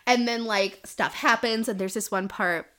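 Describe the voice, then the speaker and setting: Young woman, podcast co-host, bright ringing tone, chatty and animated, filler-heavy storytelling. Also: medium pitch, moderate pace. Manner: animated retelling with many fillers and "like". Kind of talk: casual book-review chat.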